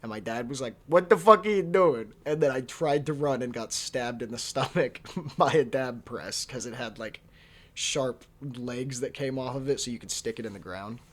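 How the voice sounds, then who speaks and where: A man's voice: mid-range voice, moderate pace. A young man in his early twenties telling a story from his teens in a casual, profane, laughing way, full of slang. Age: young adult. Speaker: vlogger.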